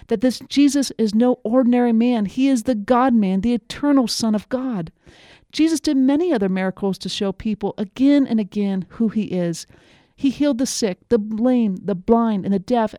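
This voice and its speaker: A woman preaching a devotional sermon, earnest and emphatic, slowing down on key phrases. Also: on the high side, warm tone, no echo, studio quality.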